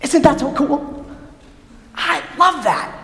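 A woman preacher giving an animated sermon, moving between hushed and excited. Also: high-pitched, slow. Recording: echoey hall reverb.

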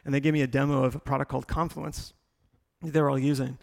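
Gravelly middle-aged man, rambling. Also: mid-range voice, level tone, quick pace, long reverb tail. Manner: rambling, many fillers and restarts, storytelling. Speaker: tech company executive guest.

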